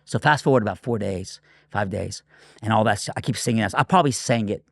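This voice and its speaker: Lively, low-voiced storytelling pastor. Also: male voice, fast, gravelly, no echo, clean studio sound. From Iran. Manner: animated, lots of fillers and acted quotes. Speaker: pastor and guest. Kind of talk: storytelling in an interview.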